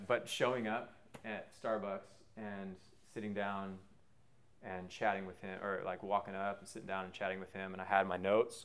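A man giving a personal faith testimony, earnest and reflective, pausing often with fillers as he talks. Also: low-pitched. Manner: halting, with many pauses and fillers. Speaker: speaker sharing a faith testimony.

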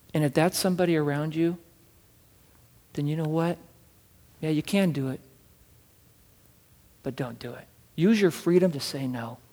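A man preaching a sermon from scripture, fervent, swinging between loud urging and hushed asides and repeating words as he builds a point. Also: on the high side, big-room sound. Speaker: pastor.

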